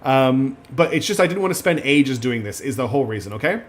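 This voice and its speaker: A man's voice: medium pitch, lively intonation, a little fast. A man streaming a video game, chatting casually, hesitating with ums and restarts as he reads the game's text aloud. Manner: chatty, many ums and restarts, apologetic asides. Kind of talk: casual gameplay commentary, reading dialogue aloud.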